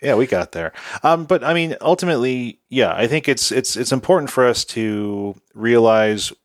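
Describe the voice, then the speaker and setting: A man's voice: medium pitch, expressive, normal speed, no echo, studio quality. A man co-hosting a casual podcast, easygoing and reflective, often hedging as he talks. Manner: easygoing, reflective, many hedges and restarts. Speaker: podcast co-host.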